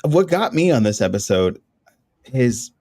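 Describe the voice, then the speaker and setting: A man's voice: mid-range voice, big pitch swings, measured pace, a little mellow. A man co-hosting a casual podcast chat, laughing often and giving short agreeing replies.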